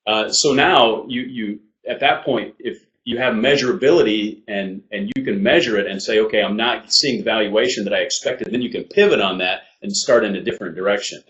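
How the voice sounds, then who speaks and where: Measured low-voiced man from Iowa. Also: a bit bright, roomy sound, muffled recording. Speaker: podcast co-host. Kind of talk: casual business chat.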